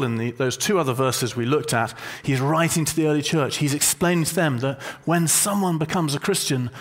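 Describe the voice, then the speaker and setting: A man preaching a sermon to a congregation, conversational and gently humorous as he explains a word. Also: mid-range voice. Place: church hall with a congregation.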